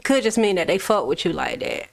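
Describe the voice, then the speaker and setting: A young adult woman from Florida, a recording artist telling her story in a relaxed, casual interview, laughing often and swearing freely. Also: on the low side, fairly quick, creaky.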